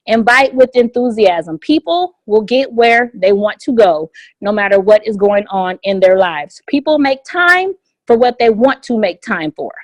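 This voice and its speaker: A woman leading a motivational business training session on a conference call, energetic and repeating her key phrases for emphasis. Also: medium pitch, measured pace, dry recording. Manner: energetic and repetitive, hammers home key phrases. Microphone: phone conference line.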